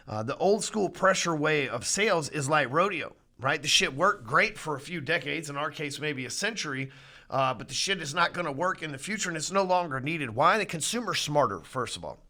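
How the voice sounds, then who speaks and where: A middle-aged man hosting a podcast, ranting bluntly about sales and swearing freely. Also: on the high side. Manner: blunt, swearing, heated, climbs louder when riled. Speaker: podcast host. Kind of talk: profane motivational sales rant.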